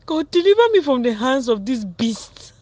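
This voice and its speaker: A woman's voice: sits high, big pitch swings, moderate pace. A woman voicing an abused wife, angry and despairing. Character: distraught abused cartoon wife.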